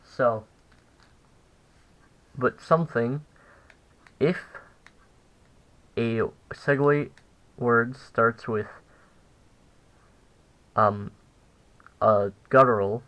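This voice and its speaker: A young man giving a casual language lesson, halting and full of fillers as he corrects himself. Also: medium pitch, fairly even intonation, fairly bright tone, poor audio. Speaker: language teacher.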